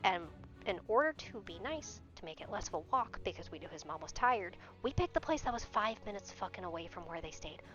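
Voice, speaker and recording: A woman's voice: mid-range voice, very animated, fairly quick, fairly bright tone. A young adult woman streamer in casual chat, talking bluntly and swearing freely. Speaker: game streamer. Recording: dull lo-fi stream audio with faint music.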